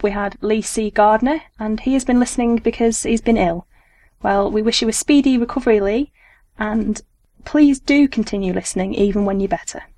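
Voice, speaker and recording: A woman's voice: medium pitch, darkish tone. A woman co-hosting a podcast reads out listeners' tweets in a friendly, chatty way. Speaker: podcast co-host.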